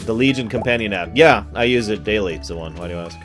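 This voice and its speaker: A man's voice: fairly low pitch, fast talker, fairly bright tone, soft background music. A man streaming a game, giving casual commentary with dry, wry asides. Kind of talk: casual let's-play commentary.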